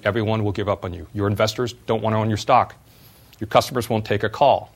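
A middle-aged man, a former startup CEO, giving a university talk and telling personal stories in an animated way. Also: lowish voice, fast talker. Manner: animated storyteller, voice jumps up when retelling exchanges.

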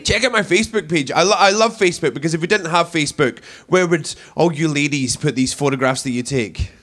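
On a comedy club stage, a young man from Scotland does a cheeky stand-up routine with punchy delivery and shrill put-on women's voices. He speaks a little fast, in a bit of a bright voice.

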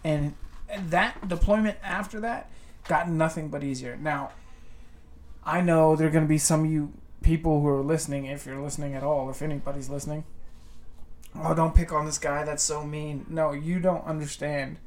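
Animated, profane storytelling man. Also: on the high side, moderate pace, a little hiss or hum. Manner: animated, profane, mimics people. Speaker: army veteran, sergeant. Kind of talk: casual storytelling chat.

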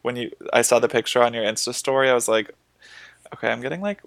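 A man of middle pitch co-hosting a podcast, teasing his co-host and swearing freely as he jokes. His voice sits close and dry on the mic, with no room sound behind it. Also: fast, gravelly, no room sound. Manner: joking, profane, teasing. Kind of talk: casual chat.

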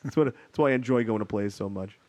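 A man hosting a casual chat, an animated storyteller who laughs often. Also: lowish voice, fast, dry recording.

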